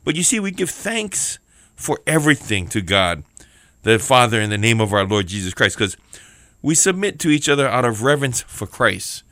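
A man's voice: mid-range voice, very animated, moderate pace, pushed and bright, no room sound. A man with a Hawaiian accent giving a casual, joking sermon as host, chatty and playful. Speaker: church devotional host.

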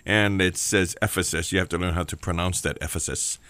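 Playful, bright-voiced Hawaiian man preaching. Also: sits low, fairly even intonation, fairly quick, no room sound. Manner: playful, chatty, folksy. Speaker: church devotional host. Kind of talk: casual, joking sermon.

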